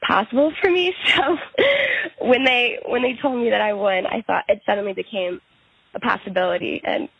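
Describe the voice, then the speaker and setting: A woman's voice: medium pitch, moderate pace, gravelly, slightly rough, dry recording, lo-fi sound. A young woman student reflecting on winning a scholarship, in a rambling casual way. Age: young adult. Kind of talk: casual interview.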